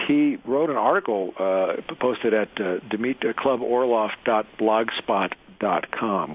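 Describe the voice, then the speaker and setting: A man hosting a talk radio show, rambling and halting with frequent restarts. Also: on the low side, slightly rough, phone-quality sound. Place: south central Colorado.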